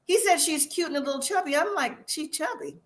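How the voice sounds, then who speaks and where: A woman co-hosting a live review show, chatting casually, animated and laughing often with rhetorical questions. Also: high-pitched, fast. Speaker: podcast co-host.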